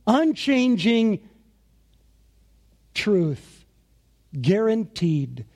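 A man preaching a sermon as pastor, in a slow, deliberate and emphatic way. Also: sits high, a little mellow.

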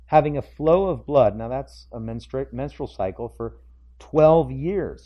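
A middle-aged man preaching a sermon, acting out the people in the story in quick joking asides. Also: medium pitch. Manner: acts out the crowd and figures in quick asides, joking. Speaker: pastor. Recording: dull lo-fi sound.

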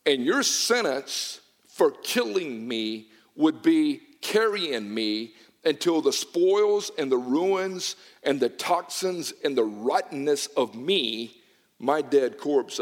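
A man preaching a sermon to a congregation, dramatic and impassioned, with stammered repetitions when he gets intense. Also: mid-range voice. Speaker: pastor. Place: church hall. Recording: long hall reverb.

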